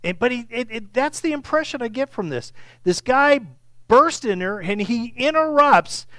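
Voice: medium pitch, animated, moderate pace, pushed and bright, no echo. A Bible teacher giving an informal, conversational lesson to a small group, often checking in with "okay?" and acting out the scripture dialogue.

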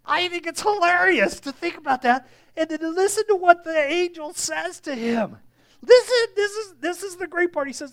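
A preacher delivering a sermon in an animated storytelling manner, swinging between loud bursts and hushed asides, with pauses and filler words. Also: very high-pitched, no room sound.

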